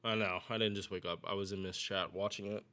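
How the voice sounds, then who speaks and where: A man's voice: deep voice, fairly even intonation, fast, pushed and bright. A man giving casual, rambling game commentary to his viewers, often restarting his sentences and chatting directly to them. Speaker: gaming YouTuber.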